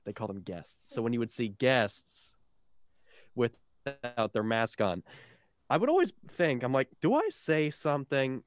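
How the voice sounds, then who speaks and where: Young male co-host, lively intonation, jokey and teasing. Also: medium pitch, no echo. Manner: joking, teasing. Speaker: radio co-host. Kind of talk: casual radio chat. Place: college radio studio.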